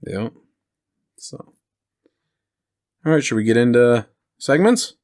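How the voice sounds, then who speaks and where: A man's voice: mid-range voice, animated, slow pace, a little mellow. A man co-hosting a podcast, chatting casually and rambling through stories while laughing at them. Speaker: podcast co-host. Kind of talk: casual chat.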